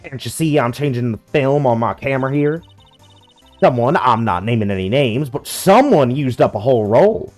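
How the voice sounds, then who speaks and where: A feisty young photographer woman with a thick American Southern drawl, put on by a man. She talks loud and sassy, pushing her lines with plenty of rise and fall. A game character read aloud over a faint tune. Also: mid-range voice, expressive, moderate pace, soft background music, natural voice.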